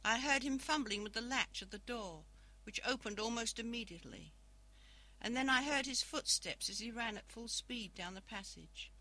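A narrator reads a first-person ghost story aloud in a measured, even storybook manner. The tone is strikingly bright and sharp, with a middling pitch. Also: rough recording.

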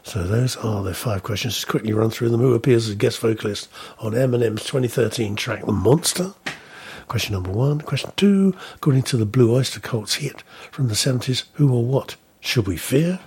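A man presenting a casual local radio show from the studio, chatty and self-deprecating, his voice a little rough at the moment. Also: mid-range voice, animated, fairly quick, darkish tone. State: slightly rough voice.

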